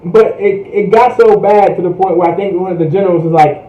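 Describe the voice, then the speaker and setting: A man's voice: high voice, normal speed, few pauses, warm tone. A man teaching a language class, talking casually and checking in with "right?" after nearly every phrase. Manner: repeats "right?" and "all right?" constantly. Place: US, Hampton Roads area. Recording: roomy, dull livestream audio.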